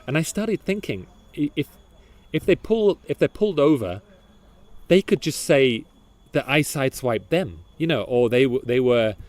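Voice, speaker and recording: A man co-hosting a podcast, telling a story in casual chat, animated and full of restarts and repeated words. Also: medium pitch, moderate pace, dry recording. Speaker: podcast co-host.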